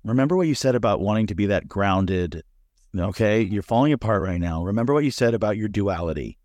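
A man hosting a podcast interview, teasing his guest in a deadpan, mock-serious way. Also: fairly low pitch, fairly quick, no room sound. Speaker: podcast host.

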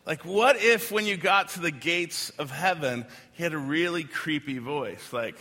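Man preaching, fairly high and bright voice, chatty and joking, long reverb of a big hall. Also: unhurried. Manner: conversational and joking, with many "like" fillers. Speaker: pastor. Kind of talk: sermon.

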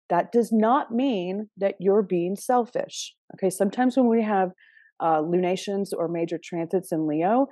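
Mellow-voiced chatty woman astrologer. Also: mid-range voice, no echo, clean studio sound. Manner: chatty and direct, with frequent laughs and "okay?" check-ins. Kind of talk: casual spoken astrology reading.

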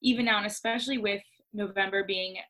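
A young woman guest on a chat podcast, her voice bright and forward. She talks candidly and with energy, filling her sentences with "like" as she goes. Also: mid-range voice, fast, rough recording. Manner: candid, animated, lots of "like". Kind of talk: casual conversation.

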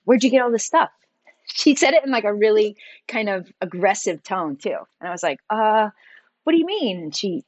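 A woman guest on a podcast, telling a personal story in an animated, conversational way. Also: lowish voice, dry recording.

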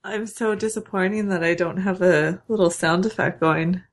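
A woman's voice: lowish voice, fairly even intonation, normal speed. A woman chatting casually on a podcast, amused and laughing along. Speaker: podcast co-host. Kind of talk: casual chat.

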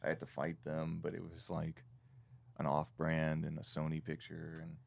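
A man's voice: a bass voice, completely flat delivery, normal speed, vocal fry, a little mellow. A man hosting a podcast, chatting casually and dropping into silly voices and noises. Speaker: podcast host. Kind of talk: casual chat.

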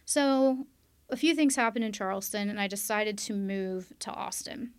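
A woman's voice: mid-range voice, moderate pace, clean tone. A woman sharing a candid personal testimony on a podcast, earnest and quoting her past self aloud. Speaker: guest sharing her story.

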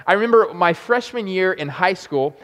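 A young adult man preaching a sermon, telling self-deprecating stories with quick asides. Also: high-pitched, lively intonation, a bit bright. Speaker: pastor. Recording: long hall reverb.

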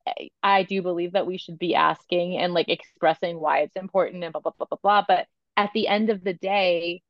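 A woman's voice: lowish voice, moderate pace, no room sound. Chatty woman on a dull dry line. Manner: animated, chatty, lots of filler words. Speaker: podcast guest, photographer and coach. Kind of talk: candid conversational interview.

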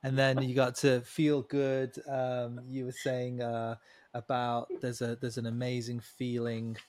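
A man's voice: medium pitch, completely flat delivery, measured pace, darkish tone. A man hosting a casual interview, rambling and jumping between thoughts. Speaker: interview host.

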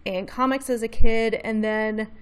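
A woman in her thirties from Tennessee with a light Southern accent, a designer chatting as an interview guest, upbeat and quick to laugh. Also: fairly high pitch, steady tone, clean tone. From Memphis, Tennessee. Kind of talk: casual interview chat.

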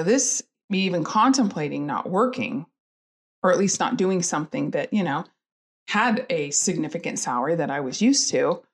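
A middle-aged woman telling a personal family story in an earnest, candid way, with many fillers and restarts. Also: lowish voice. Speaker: guest telling her story.

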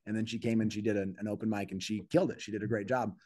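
A male comedian spins a story in an easygoing podcast chat, jumping up in pitch whenever he acts out what someone said. His phrases restart and pile up as he thinks aloud. The sound is dry and close, with no room around it. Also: racing, no room sound. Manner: animated storyteller acting out quoted voices, with many restarts. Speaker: comedian guest. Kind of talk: casual storytelling in a podcast interview.

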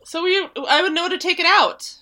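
A woman's voice: very high voice, steady tone, normal speed, sharp tone. A woman in a tabletop game, bantering playfully. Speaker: player. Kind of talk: casual tabletop play.

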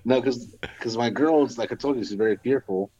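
A Marine veteran in his forties tells stories casually during an interview, peppering them with fillers and quick laughs. His mid-range voice is slightly mellow, the recording has no echo, and the high frequencies are cut off.

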